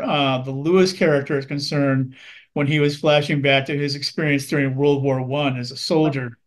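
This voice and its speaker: A man reviewing films in a measured, earnest way, with many small ums and uhs. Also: on the high side. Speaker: film critic. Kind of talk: film review chat.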